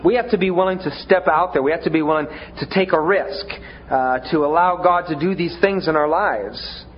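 A man's voice: on the high side, normal speed, highs cut off, slight background noise. A man preaching a sermon in a conversational way, often stumbling over repeated words, with self-deprecating humor.

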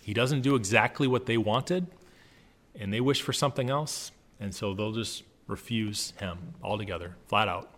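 A man's voice: lowish voice, moderate pace, a bit bright. A man giving a casual, conversational Bible teaching to young adults, reading scripture aloud with emphasis between his own remarks.

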